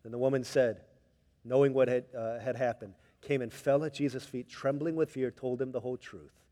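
A man preaching a sermon, telling stories with voices, swinging from hushed tender passages to loud emphatic ones. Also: mid-range voice, steady tone, normal speed, big-room sound. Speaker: pastor.

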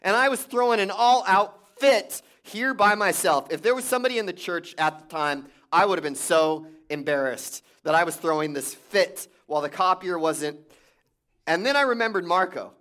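A man's voice: high-pitched, sharp tone. A man, a pastor, giving a sermon in a conversational storytelling way with restarts.

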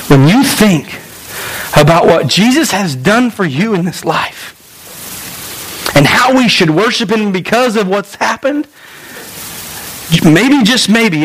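A man in his thirties with a fairly high voice preaches to his congregation. His delivery is earnest and personal, and it leans into emotion. He repeats phrases to drive his points home. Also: fairly bright tone, slight background noise, poor audio. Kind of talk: sermon. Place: room with a live congregation.

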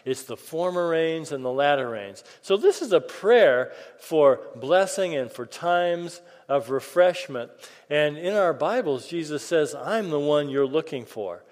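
A man's voice: fairly high pitch, animated, unhurried, darkish tone. A man preaching a sermon in a church sanctuary, conversational and sometimes joking. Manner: conversational, jokey asides. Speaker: pastor. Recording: long hall reverb.

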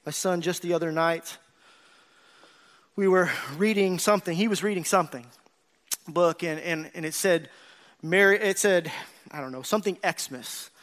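A man with a strikingly high voice preaches a sermon to his church. He is earnest and personal, swelling into emphatic bursts and then dropping low and confiding, and he calls out to the congregation for agreement. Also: normal speed, long pauses, fairly bright tone. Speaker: pastor.

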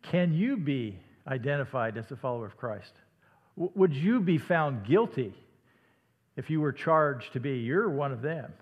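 A man from Iowa with a slight Midwestern accent, preaching a sermon in a conversational way that sometimes drops to a hush. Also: mid-range voice, big pitch swings, measured pace, muffled recording. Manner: conversational, dramatic dips to a hush. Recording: long hall reverb.

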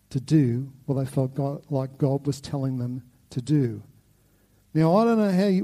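A man's voice: on the high side, mellow. A man preaching a sermon with passion, often repeating words as he drives a point home. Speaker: pastor.

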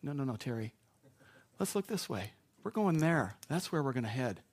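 A man voicing God as a gentle father guiding his child, in a soft, coaxing tone. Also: mid-range voice, sing-song, normal speed.

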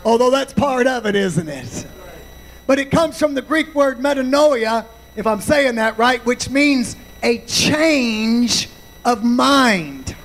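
A male pastor preaching a sermon, slow and deliberate, punctuating points with amens. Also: extremely high pitch, lively intonation, fairly bright tone, rough recording.

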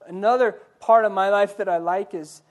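A man's voice: sits high, fairly even intonation, moderate pace. Earnest man preaching a sermon. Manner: earnest, conversational preaching with slips and self-corrections. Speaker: pastor.

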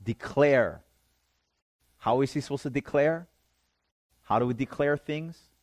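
A man's voice: mid-range voice, unhurried, darkish tone, no echo. A man preaching a sermon, reading scripture aloud and explaining it, often checking in with his listeners. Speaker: pastor.

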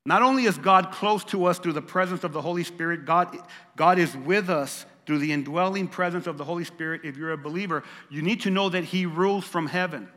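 A man's voice: on the high side, brisk, a bit bright. An older man preaching a sermon as pastor, emphatic and repeating phrases for stress. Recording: long reverb of a large hall.

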